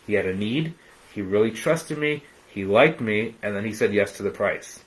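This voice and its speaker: Casual energetic male business coach. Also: on the low side, rough recording. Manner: casual, energetic, says "man" and "dude", acts out clients in quick voices. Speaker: business coach hosting a live training. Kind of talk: live-streamed coaching talk.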